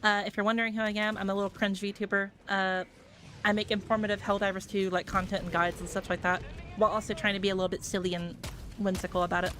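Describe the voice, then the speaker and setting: A young woman VTuber chatting casually on a livestream, sounding sick and rough-voiced, laid-back and self-mocking, swearing casually. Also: medium pitch, flat delivery, quick pace, a bit bright, slight background noise. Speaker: VTuber streamer.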